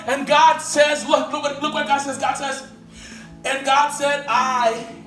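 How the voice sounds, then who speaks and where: A pastor preaching a sermon with animated energy that builds to shouting. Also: male voice, extremely high pitch, unhurried, distant mic, faint music behind. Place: church sanctuary. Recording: echoey hall recorded from afar.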